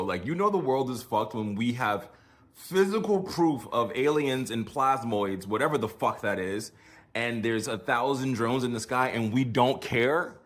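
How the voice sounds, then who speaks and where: A man rants in a loose reaction-commentary style, his voice sitting at an ordinary middle pitch. He is exasperated and profane, piling one grievance onto the next in a rapid-fire list.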